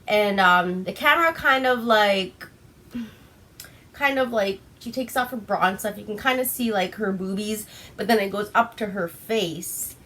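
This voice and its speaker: A woman's voice: mid-range voice, a bit bright, a little hiss or hum. A young woman from Alaska casually recapping a movie, tipsy on wine, giggling often and swearing freely. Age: young adult. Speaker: vlogger.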